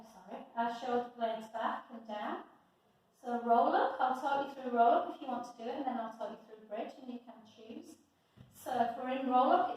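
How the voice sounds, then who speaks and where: A woman leads a pilates class, calmly cueing each movement and encouraging the group. Her slightly high voice carries from a distance through a strongly echoing studio. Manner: encouraging, gives step-by-step cues. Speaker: pilates instructor. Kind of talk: guiding an exercise class. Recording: echoey room, voice from far off.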